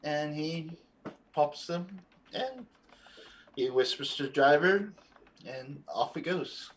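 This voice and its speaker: Slow-talking man running a tabletop game. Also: fairly high pitch, animated, slight background noise. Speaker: game master.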